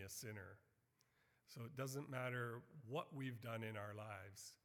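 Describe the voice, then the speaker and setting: A middle-aged man preaches with earnest conviction, his mid-pitched voice swelling when he quotes scripture. His words ring out with a long reverb trailing through the church hall. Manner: earnest, rises to loud animated emphasis on quotes. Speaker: missionary preacher. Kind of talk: sermon.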